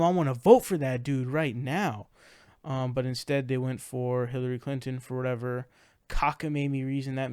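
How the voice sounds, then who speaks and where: A man's voice: medium pitch, smooth, no echo, clean studio sound. A man giving casual political reaction commentary, ranting in exasperation with frequent swearing.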